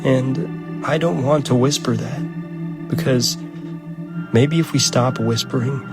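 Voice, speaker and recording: A sorrowful young man voiced by an actor mourns in an animated short film. His voice is gravelly and low-key, heavy with regret. A music score plays clearly under him. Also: takes it slowly. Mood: grieving.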